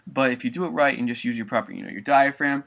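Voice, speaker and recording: A young man explains a vocal technique in a loose, rambling way, dropping swear words as he goes. His voice is bright and forward, sitting at an ordinary pitch for a man. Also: fast, creaky. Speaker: vocal tutor. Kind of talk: casual spoken tutorial.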